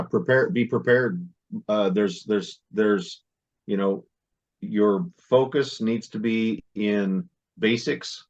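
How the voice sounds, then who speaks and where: Guest instructor, man, low voice, measured and emphatic, muffled lo-fi sound. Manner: measured, emphatic, restarts often. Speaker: guest martial arts instructor. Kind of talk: interview answers.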